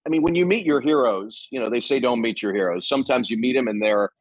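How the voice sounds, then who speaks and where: A middle-aged man, an actor guesting on a podcast, telling stories in a lively, casual way and swearing freely. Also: mid-range voice, quick pace, husky, no room sound, dull audio. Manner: animated, swears casually, many restarts. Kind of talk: casual anecdotal storytelling.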